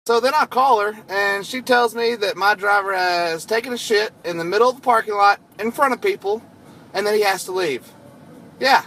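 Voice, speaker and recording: A man telling a profane story in an animated way while driving at night. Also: high voice, normal speed, poor audio. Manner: animated, profane, laughing disbelief. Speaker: storyteller vlogger. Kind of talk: casual storytelling vlog. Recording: faint road noise in a vehicle.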